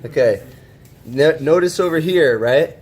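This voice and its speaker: A man teaching a high school shop class, walking students through a drawing step by step, checking in often and joking with them. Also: a little slow, darkish tone, slight background noise. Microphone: camera held by a student.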